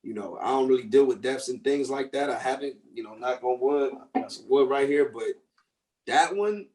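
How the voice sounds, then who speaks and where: A man's voice: medium pitch, normal speed. Laid-back male rap guest, off-mic. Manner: animated storyteller, acts out quotes. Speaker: guest rapper. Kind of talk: casual radio interview chat. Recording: distant from the mic.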